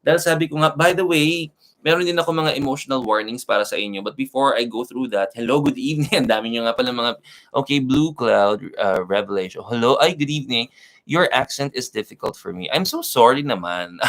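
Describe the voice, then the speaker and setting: A man's voice: mid-range voice, lively intonation, a little fast, a bit bright. A young man with a Filipino accent, a Reiki master and tarot reader chatting casually with viewers on a live stream, switching between English and Tagalog and laughing often. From Philippines.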